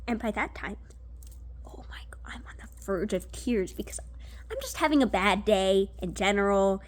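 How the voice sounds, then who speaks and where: A young woman telling a personal story in a casual, animated way, full of fillers, restarts and swearing. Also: mid-range voice, normal speed. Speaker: vlogger.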